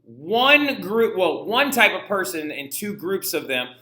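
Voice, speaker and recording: A man's voice: high voice, big pitch swings, measured pace, pushed and bright, echoey room. A male teacher giving a casual history lesson, chatty and slangy, saying "right?" and "like" a lot and acting out the people in it for laughs. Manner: voices the people he talks about for humor.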